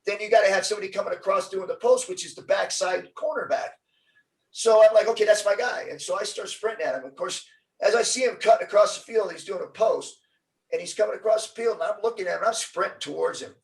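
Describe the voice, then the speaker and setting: A man's voice: high voice, fast, vocal fry. Middle-aged guy telling a story in an interview, acts out the quotes, sounds a bit far from the mic. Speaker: interview guest.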